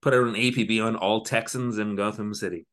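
A man's voice: lowish voice, fairly even intonation, a little fast, a bit bright. Rambling man recapping a show. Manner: rambling, filler-heavy retelling. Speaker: podcast co-host. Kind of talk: casual chat recapping a TV episode.

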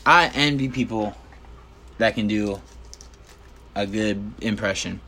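A man's voice: lowish voice, takes it slowly, long pauses, bright, forceful tone. Rambling, profane male podcaster. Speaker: podcast host. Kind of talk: casual solo podcast chat. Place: his bedroom at home.

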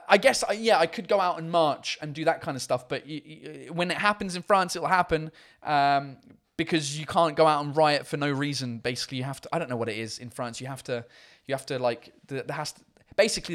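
A man with a notably high-pitched voice hosts a laid-back live-stream chat from his home. His talk is rambling and loose, full of restarts, and peppered with casual swearing. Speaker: host of a live beer-drinking chat show.

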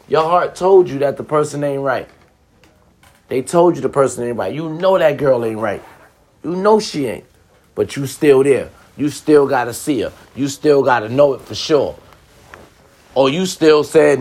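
A man's voice: a little high, moderate pace, darkish tone. A man giving relationship advice in a blunt, profane casual monologue, repeating lines for emphasis.

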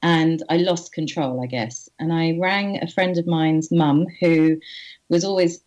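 Woman, interview guest, low-pitched, earnest, halting restarts, muffled audio. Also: steady tone, a little mellow. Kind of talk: candid personal storytelling.

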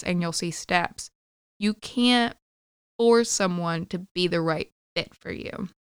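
Bright, clear-voiced woman giving advice. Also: on the low side, no echo, studio quality. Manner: quick, laughing, advice-giving. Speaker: podcast co-host. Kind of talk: casual chat.

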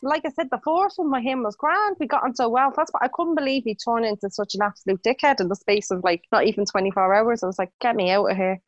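A young woman with an Irish accent tells dating stories in a relaxed, chatty way. Her voice sits a little high and sounds dry and close, with no room around it. She laughs easily as she talks. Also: fast, hardly any pauses, no room sound, highs cut off. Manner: chatty storytelling, laughs often. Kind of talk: casual chat.

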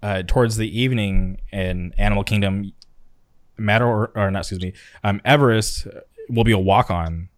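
A young man chatting casually with friends in a relaxed, easygoing way. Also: on the low side, normal speed, no room sound, studio quality. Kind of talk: casual chat.

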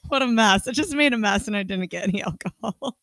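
A woman's voice: medium pitch, animated, quick pace, a bit bright, no echo. Foul-mouthed laughing woman podcaster. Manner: profane, blunt, laughs often. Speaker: podcast co-host. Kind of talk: casual chat.

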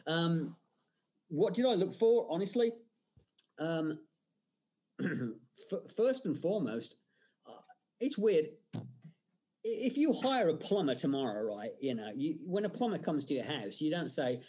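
A man's voice: fairly high pitch, very animated, a little slow, long pauses, a little mellow. A man, a film director guest in an interview, talking at length with many fillers and restarts. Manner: rambling storyteller, frequent fillers and restarts. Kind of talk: conversational interview.

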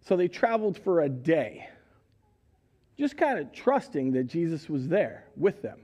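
Middle-aged pastor guy preaching in church, high voice that swings all over, acts out the story. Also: unhurried. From United States. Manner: animated storytelling, acting out voices and questions. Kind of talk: sermon. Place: church sanctuary.

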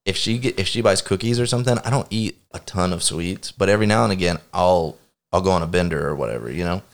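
A man's voice: deep voice, fast. A man co-hosting a podcast, telling exasperated, profane stories in casual chat. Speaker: podcast co-host.

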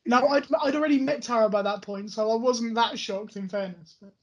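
A man's voice: extremely high pitch, fairly even intonation, a little fast, lo-fi sound, a little hiss or hum. A man from Scotland co-hosting a casual podcast over a remote call, dry and deflecting with mock indignation. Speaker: podcast co-host. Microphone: remote call recording.

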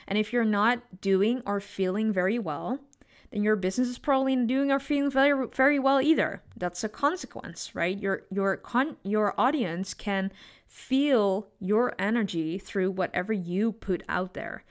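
A woman psychologist hosting a solo podcast, talking expressively in a coaching tone and often adding "right?" to her points. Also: mid-range voice.

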